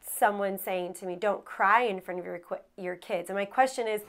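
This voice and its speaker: A woman's voice: medium pitch, normal speed, fairly bright tone. A woman co-hosting a candid conversation about her marriage, emotional and earnest, laughing often and losing her train of thought. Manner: rambling with frequent restarts. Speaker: co-host sharing marriage story. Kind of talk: candid casual chat.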